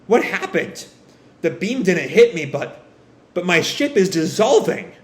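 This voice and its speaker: A man's voice: high voice, big pitch swings, a little slow, echoey room, pitched above the performer's own voice. A man reading a bewildered young woman pilot. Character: confused young female pilot, alarmed.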